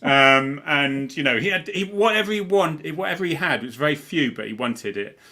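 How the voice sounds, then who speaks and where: A man's voice: fairly high pitch, lively intonation, moderate pace, pushed and bright. A middle-aged man from Cornwall, co-hosting a casual chat over a video call, rambling and chuckling as he corrects himself. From Cornwall, England. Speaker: co-host, former police officer.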